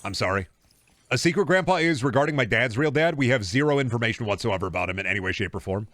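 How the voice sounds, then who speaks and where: Young Midwestern man, casual rambling streamer chat, mid-pitched, dry close mic. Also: expressive, fast talker, a bit bright, dry recording. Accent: Midwestern American. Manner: rambling, reading and answering chat.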